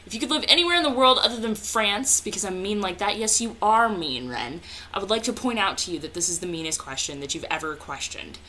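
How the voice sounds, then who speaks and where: A woman's voice: mid-range voice, animated, a little fast, bright, forceful tone, slight background noise. A young woman chatting casually as a vlogger, answering viewer questions in a hyper, jokey way with plenty of swearing. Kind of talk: casual chat.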